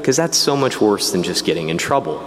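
A priest tells his own vocation story in a lively, casual manner, with asides to the listeners. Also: low voice, brisk, long reverb tail. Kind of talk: personal testimony talk.

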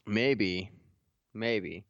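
A man's voice: on the low side, extremely slow, fairly bright tone, dry recording, lo-fi sound. Profane laughing young man telling stories. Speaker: podcast host. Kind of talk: casual podcast chat.

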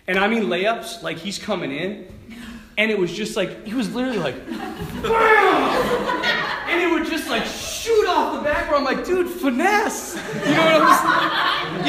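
A man's voice: very high-pitched, echoey room, background noise. A man, a priest, telling funny personal stories in a sermon and often laughing as he talks. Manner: animated, laughing storyteller.

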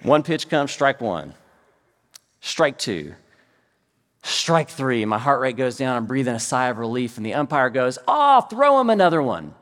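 A man's voice: medium pitch, a little slow, long pauses, long reverb tail. A middle-aged man from the United States preaching a sermon, telling stories and acting out quotes as he goes. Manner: storytelling preacher, animated with acted-out quotes. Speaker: pastor.

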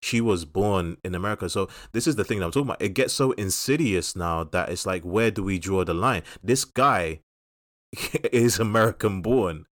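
Man, very deep voice, podcast host, opinionated, wry, dry close mic. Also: moderate pace, fairly bright tone, no room sound. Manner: opinionated, wry, steers the talk. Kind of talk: casual chat.

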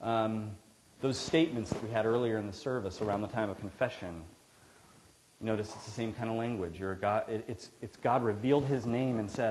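A man's voice: lowish voice, a little fast, darkish tone, a little hiss or hum, low-quality recording. A man preaching a sermon in a church, in an earnest, conversational way with frequent restarts. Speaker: pastor. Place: church sanctuary.

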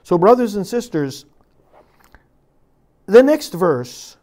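A man's voice: high voice, big pitch swings, takes it slowly, darkish tone. A man who is a priest, giving a sermon and reading scripture with emphatic, dramatic force.

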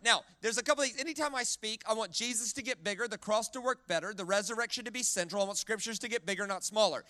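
A guest preacher delivers a sermon in a very high, bright voice, recorded dry and close. He talks fast with few pauses, stays animated, leads the crowd in call-and-response repetition, and often stumbles and restarts mid-phrase.

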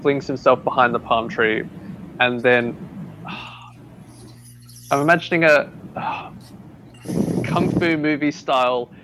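Slow, rambling male game player. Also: medium pitch, steady tone, bright, forceful tone, slight background noise, rough recording. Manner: casual, rambling with many "like"s. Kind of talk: describing his character's moves.

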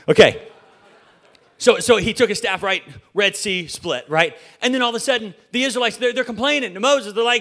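Speaking from a church stage a little fast, this man has a high, pushed, bright voice. His sermon is relaxed and full of jokes, chatty and playful, with stammered restarts and questions aimed at the congregation.

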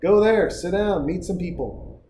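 A man's voice: high-pitched, a little slow, dark tone. A man hosting a casual chat, loose and profane, rambling through stories and advice. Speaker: podcast host. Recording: roomy echo, faint background hiss.

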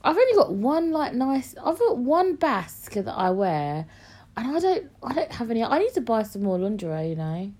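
A young woman hosts a casual podcast chat. Her voice sits a little high and swings widely in pitch. She talks bluntly and swears freely. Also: moderate pace. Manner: blunt, swears a lot, animated. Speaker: podcast host.

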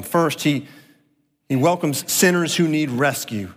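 A man preaches from the pulpit in a fairly high voice, building his points through earnest storytelling and repeated phrases. His sermon carries a long reverberant tail, as if filling a large church hall. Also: animated, unhurried. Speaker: pastor.

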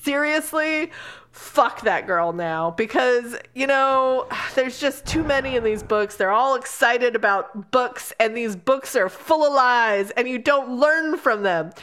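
Woman, book-chat co-host: sarcastic, lively swoops in pitch, swears freely, somewhat high voice. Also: slow, smooth. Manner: sarcastic, animated, swears freely, acts out characters. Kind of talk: casual chat, book review rant.

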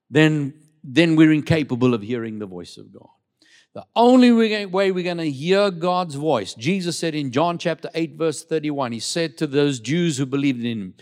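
Male pastor, middle-aged, lively sermon delivery with call-and-response, animated and slightly high-pitched. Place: church.

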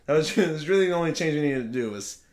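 A man's voice: fairly high pitch, animated, very fast, crowd noise. Young man, casual chat host, rambling storyteller, swears, laughs often.

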